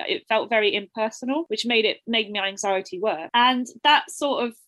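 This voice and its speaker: A woman's voice: a little high, animated, fairly quick, few pauses, a bit bright, dry recording, rough recording. Candid young woman, dry close sound. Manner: open, reflective, often restarts and quotes herself. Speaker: interview guest. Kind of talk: candid personal account.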